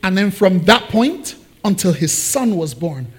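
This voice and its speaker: A man with a high voice preaches a sermon to his congregation. He keeps it lively and conversational, dropping into playful voices as he acts out biblical characters. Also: breathy edge. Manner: animated, acts out biblical figures in quick asides. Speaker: pastor.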